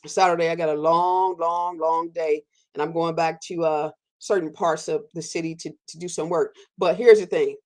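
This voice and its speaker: A woman giving an emphatic personal monologue as a podcast host, repeating phrases for weight and jumping sharply up in pitch when stirred. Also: fairly even intonation, normal speed, few pauses, a little mellow. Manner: fiery, repetitive, preacherly emphasis with sudden pitch jumps.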